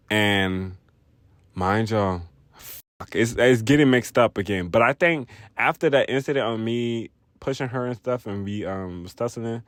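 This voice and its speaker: A young man telling a personal story in a casual vlog, rambling, animated and profane. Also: on the low side, no echo. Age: young adult. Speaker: vlogger.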